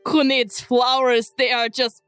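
A woman playing a blunt, deadpan character with a thick put-on foreign accent in a tabletop role-play. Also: a little high, measured pace, smooth, no room sound, soft background music, lightly acted.

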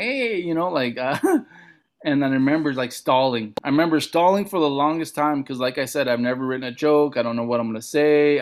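A man from a Montana reservation telling a casual story as a comedian guest, acting out other people's lines with big jumps in pitch. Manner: animated, acts out quoted voices with big pitch jumps.

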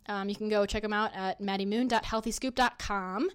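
A woman hosting her own podcast, chatting casually with lots of fillers and restarts as she pitches products in an upbeat way. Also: steady tone, a little fast, smooth. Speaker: podcast host. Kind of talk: casual solo podcast talk.

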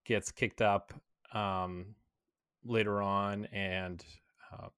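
A man's voice: on the low side, smooth, dry recording. A man in casual chat, animatedly retelling scenes and quoting characters with laughs. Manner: fast, animated retelling with quoted lines and laughs. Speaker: podcast co-host recapping a show.

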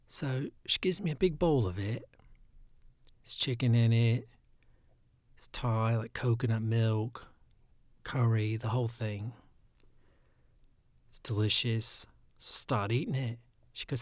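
A man with a raspy, phlegmy throat, talking in a soft, often half-whispered, rambling casual monologue. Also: mid-range voice, measured pace, long pauses, dry recording.

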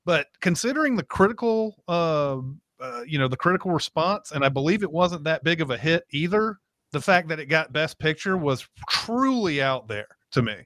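Laughing often and acting out his own reactions, a podcast co-host rambles through a casual chat. He has a fairly high, fairly bright voice with lively intonation and a moderate pace. It's studio-quality audio with no echo.

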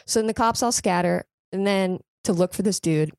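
A woman's voice: mid-range voice, normal speed, smooth, no echo, clean studio sound. Chatty young woman telling a wild story. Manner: lively, chatty, swears freely, heavy use of "like". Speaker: podcast guest. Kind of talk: casual comedic storytelling.

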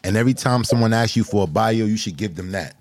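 A man's voice: on the low side, fast talker, a little mellow, no room sound. A man hosting a show, talking enthusiastically and casually, repeating himself and using slang while praising his guest. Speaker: show host. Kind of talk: casual interview chat.

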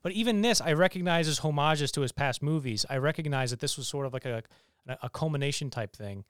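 Young male co-host, lively review banter, clean dry mic. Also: fairly high pitch, smooth, no room sound. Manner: animated, quick asides and self-corrections. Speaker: podcast co-host. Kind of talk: casual movie review chat.

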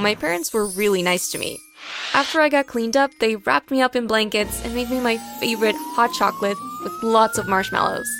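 A woman narrating a first-person story in an expressive, dramatic way. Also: fairly high pitch. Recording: background music.

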